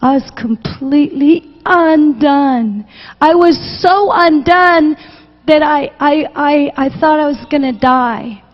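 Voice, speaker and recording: A woman with a high voice speaks slowly, giving a missionary's emotional testimony sermon. She's passionate and repetitive and at points almost tearful; the audio sounds dull and carries long hall reverb.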